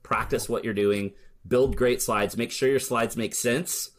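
A man's voice: medium pitch, steady tone, unhurried. An American man being interviewed on a casual podcast, telling stories in a candid, joking way and playing up sarcastic asides. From United States. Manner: candid, storytelling, swears, jokes sarcastically. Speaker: podcast guest, search marketer.

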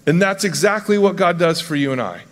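A man's voice: high-pitched, lively intonation. Man preaching in a reverberant hall. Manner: casual and conversational, acts out biblical figures in quick voices. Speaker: pastor. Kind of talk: sermon.

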